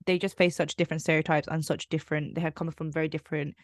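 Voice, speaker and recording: A woman's voice: low-pitched, level tone, quick pace, dry recording, clean studio sound. A woman hosting a podcast interview, reflecting on her guest's points and summing them up with frequent fillers. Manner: reflective, summarizing, many fillers. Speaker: podcast host.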